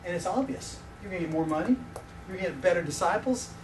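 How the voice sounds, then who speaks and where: A visiting preacher in his fifties speaks fast, his voice high for a man, delivering a sermon woven with personal stories. He is animated and jokes with his listeners, heard from a distance in an echoey hall over a faint hiss.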